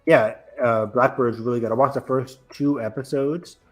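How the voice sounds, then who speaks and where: Male podcast co-host, mid-pitched, casual and eager, meandering through his thoughts. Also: steady tone, moderate pace, soft background music. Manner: rambling, enthusiastic, loose with fillers. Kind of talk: casual chat.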